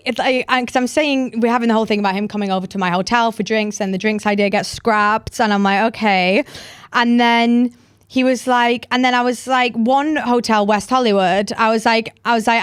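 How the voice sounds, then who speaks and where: A young woman hosting a podcast, telling a story in a chatty, animated way with lots of "like" fillers. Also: fairly high pitch, fairly quick, clear, resonant tone, dry recording, clean studio sound. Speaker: podcast host. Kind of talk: casual storytelling chat.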